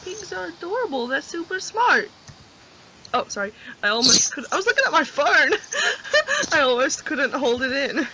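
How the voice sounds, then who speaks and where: A woman gamer and host with a high, sharp voice and big pitch swings speaks at a moderate pace, with a little hiss or hum present. She reads a visual novel's narration aloud and chats about it, giggly between lines, on dull lo-fi audio.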